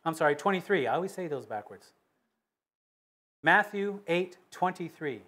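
A man preaching a sermon, reading scripture aloud and swinging between loud fervent peaks and low hushed asides. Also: expressive, normal speed. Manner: reads scripture in King James wording with emphatic repetition.

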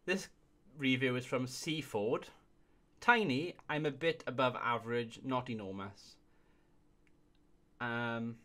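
A man's voice: medium pitch, bright, forceful tone. A young man hosting a casual comedy video, reading reviews aloud and often breaking into laughter. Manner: giggly, keeps breaking into laughter. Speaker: video host.

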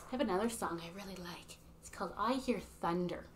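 A Canadian woman with a lowish voice talks quickly over music, leading young children through simple songs and rhymes in a circle. As an early years program leader, she chats with the kids between verses, recorded on a webcam or phone.

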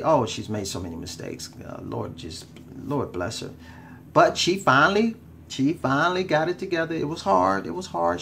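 A man talking as a relationship coach straight to his viewers, emphatic and casual, repeating words for stress and using relaxed slang. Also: on the high side, gravelly, slight background noise. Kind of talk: direct-to-camera advice talk.

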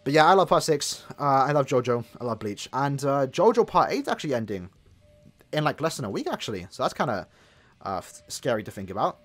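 A man's voice: mid-range voice, big pitch swings, brisk, soft background music. A young sounding man with a sore throat, rambling casually with lots of fillers while he plays a mobile game. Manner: rambling, chatty, many fillers. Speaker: gaming channel host.

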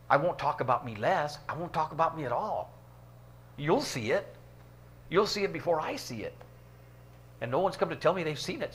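Male pastor, mid-pitched, conversational teaching with wry asides; faint hum on the track. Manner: conversational, joking asides, reads passages aloud. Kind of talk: teaching a church book study. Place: church room.

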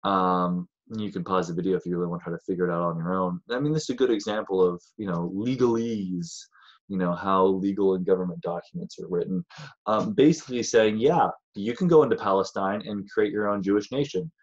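A man's voice: sits low, brisk. Chatty male teacher, slightly dull sound. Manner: chatty, rambling, acts out voices of historical figures. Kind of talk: casual history lecture.

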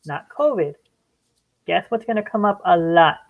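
A woman's voice: on the low side, narrow, tinny audio. A woman co-hosting a live stream in casual chat, giggly and easygoing. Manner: giggly and unhurried. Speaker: stream co-host.

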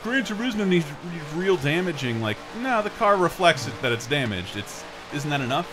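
A man's voice: fairly high pitch, sing-song, brisk, over music. A man hosting a casual chat while playing a racing game, rambling, cursing freely and laughing often.

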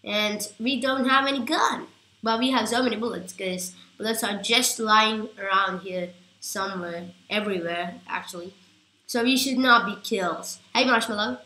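A woman chatting through live gameplay commentary, rambling and getting excitable at big moments. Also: mid-range voice, moderate pace, reverberant, rough recording. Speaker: gaming YouTuber.

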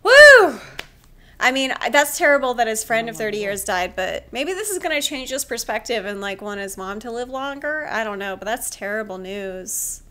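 A woman hosting a drama reaction video, excitable and emotional, laughing and gasping often. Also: on the high side, moderate pace, few pauses. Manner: emotional, near tears. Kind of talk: casual drama reaction commentary.

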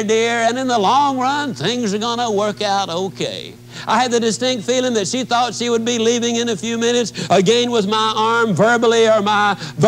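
A man giving a motivational talk as a folksy storyteller, slowing down to stress his points. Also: sits high, slight background noise, rough recording. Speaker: motivational speaker.

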